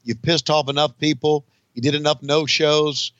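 A man's voice: on the high side, flat delivery, normal speed, a bit bright, dry recording, muffled recording. An older man co-hosting a podcast, wry and profane, sighing between remarks. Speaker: podcast co-host, former commentator. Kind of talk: casual podcast banter over archive footage.

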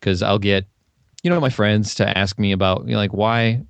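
Lower-voiced man explaining with analogies. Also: fairly quick, gravelly, no room sound. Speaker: podcast guest. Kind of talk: casual interview chat.

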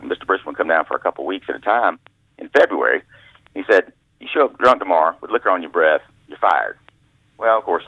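Low voiced guy spinning folksy yarns over a tinny phone line. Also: slightly rough, dry recording. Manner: rambling, folksy storyteller with restarts. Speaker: author and former caddy, guest. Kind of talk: storytelling phone interview. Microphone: telephone.

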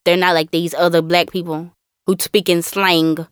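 A woman co-hosting a casual podcast, talking with animated ups and downs and mimicking other people. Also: on the low side, normal speed, clear, resonant tone, no room sound, studio quality. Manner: animated, mimics voices with laughs. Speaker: podcast co-host.

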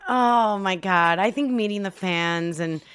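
A woman in her thirties, an actress guest on a podcast, chatting in a bubbly, excitable way and laughing often. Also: mid-range voice, measured pace, smooth, no room sound, clean studio sound. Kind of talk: casual podcast chat.

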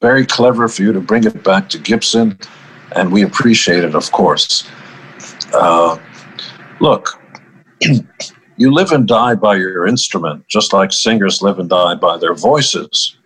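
In a low-quality recording, an older male musician guest tells interview stories with a lowish, somewhat bright, slightly rough voice. He keeps things wry and relaxed, laughing along at his own punchlines.

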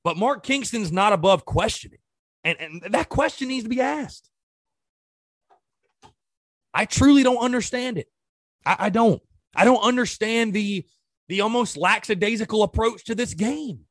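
A man's voice: high-pitched, expressive, normal speed, pauses often, fairly bright tone, no room sound, studio quality. Exasperated man ranting about sports. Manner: exasperated, ranting with rhetorical questions. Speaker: sports podcast host. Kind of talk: casual sports commentary.

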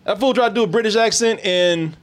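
A man's voice: high-pitched, fast talker. A man hosting a podcast in loose, profane casual chat, laughing often. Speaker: podcast host.

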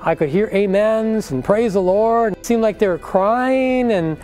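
High-voiced older man telling his story. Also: a little slow, darkish tone, faint music behind. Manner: earnest storytelling, acting out remembered dialogue. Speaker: speaker giving a testimony. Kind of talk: personal faith testimony.

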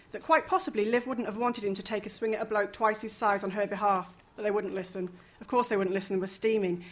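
A woman reading a novel aloud, lively, with casual asides and the odd chuckle. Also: mid-range voice. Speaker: reader.

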